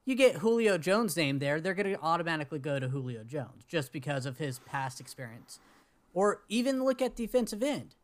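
A man's voice: on the high side, sing-song, fairly quick. A man co-hosting a casual sports podcast, talking in a conversational, slightly hesitant way. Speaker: podcast co-host.

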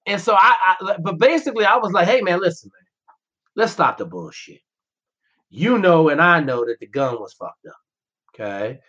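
A former Navy SEAL, appearing as a guest, tells profane, brash stories in casual conversation, his voice sitting high at a normal speed. He's animated, and the podcast audio is dull and lo-fi.

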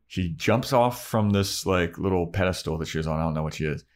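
A man's voice: sits low, brisk. A man co-hosting a podcast, recapping an episode in breezy, profane casual chat. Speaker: podcast co-host.

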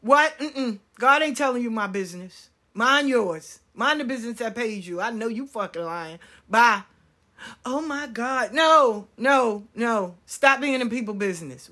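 A woman who reads spiritual cards rants casually at her viewers, blunt, profane and emphatic. Her voice sits on the high side and sounds a bit bright.

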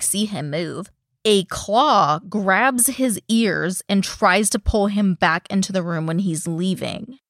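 A woman's voice: mid-range voice, no echo, clean studio sound. A woman co-hosting a casual paranormal podcast, swearing freely and acting out quotes as she recaps an episode. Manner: swears freely, acts out quotes, laughs often. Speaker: podcast co-host. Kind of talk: casual chat.

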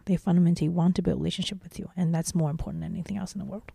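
Gravelly low-voiced woman, earnest. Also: steady tone, very fast, mellow, no echo. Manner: earnest, repeats and restarts phrases. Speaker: startup CEO, interview guest. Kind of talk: casual interview answers.

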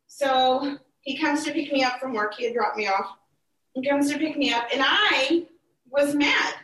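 A woman telling a personal story in casual chat, animated and acting out the people she quotes. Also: high voice, moderate pace. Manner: animated, acts out quoted voices, laughs through tears. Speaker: podcast guest telling a story. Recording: echoey room, mic at a distance.

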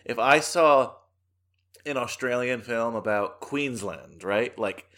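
A man's voice: mid-range voice, slow pace, a bit bright. An American man hosting a film podcast, chatting casually and enthusiastically and laughing often. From United States. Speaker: podcast host.

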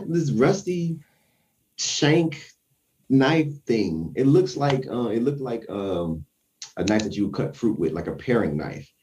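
A man casually telling a tense personal story, acting out his own quotes with lively shifts. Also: lowish voice, distant mic.

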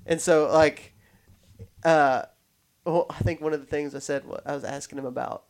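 A man's voice: a little high, moderate pace. A man hosting a podcast, chatting in a rambling, story-telling way with many restarts. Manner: rambling, restarts often, animated when telling stories. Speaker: podcast host. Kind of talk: casual podcast chat.

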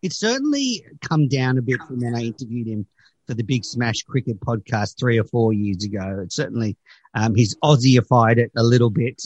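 Aussie bloke hosting a cricket pod, chatty, dry close mic. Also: male voice, medium pitch, animated, moderate pace, a little mellow, dry recording, muffled recording. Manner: chatty, leads the show with quips. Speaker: podcast host. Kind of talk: casual podcast chat.

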